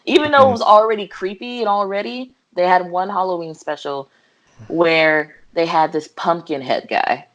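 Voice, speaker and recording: A young adult woman co-hosts a podcast, chatting casually and giggling often as she retells scenes in acted-out voices. Her voice is on the low side at normal speed, and the audio is dull.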